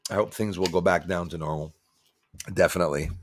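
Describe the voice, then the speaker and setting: A man's voice: deep voice, steady tone, a little fast, no room sound, clean studio sound. A middle-aged man from Canada hosting a casual livestream, rambling and reading viewer comments aloud. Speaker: livestream host.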